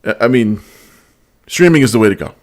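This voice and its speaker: A man's voice: medium pitch, expressive, fairly quick. Hesitant middle-aged man hosting. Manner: hesitant, many restarts and laughs. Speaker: podcast host. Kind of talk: casual pop culture chat.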